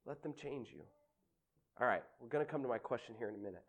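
A male pastor giving a sermon in an animated, conversational way, laughing often. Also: medium pitch, fast talker.

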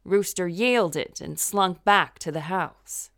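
Brief: woman narrator, unhurried deliberate reads, mid voice. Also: on the low side, fairly bright tone. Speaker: voice actor. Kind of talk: scripted narration.

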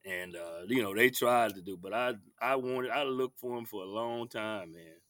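A man, a basketball coach telling animated stories as an interview guest and acting out the referees. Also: on the low side, moderate pace, no room sound, clean studio sound. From Texas. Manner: lively storyteller acting out referees and himself. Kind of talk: animated storytelling.

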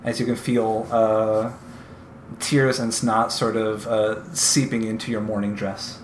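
A man's voice: on the low side, level tone. A man narrates a tabletop game as its game master, stopping often with ums and starting over. His voice carries a roomy echo, with faint ambient noise underneath. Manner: halting, with frequent ums and restarts.

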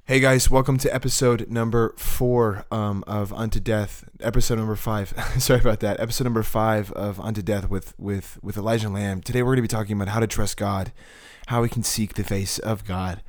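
A man's voice: lowish voice, steady tone, a little fast, few pauses. A young man hosting a casual podcast, joking and laughing with his co-host. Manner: joking, mock-whispered prayers, bursts into laughter.

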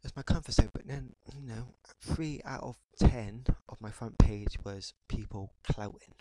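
A man in his thirties hosting a podcast, ranting in a frustrated, halting way and often pausing on "you know". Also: medium pitch, very noisy. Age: 30s. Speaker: podcast host. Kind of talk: podcast rant monologue.

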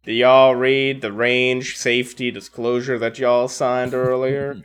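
A man voicing a gruff older Texan range officer with a Texan accent, slow and admonishing. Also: mid-range voice, flat delivery, pitched below the performer's own voice, lightly acted. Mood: scolding.

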